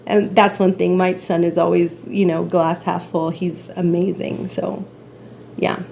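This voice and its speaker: A woman's voice: on the low side, level tone, measured pace, creaky, darkish tone. Candid woman guest sharing stories. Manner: open, emotional, candid storytelling. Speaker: podcast guest. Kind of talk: casual heartfelt conversation.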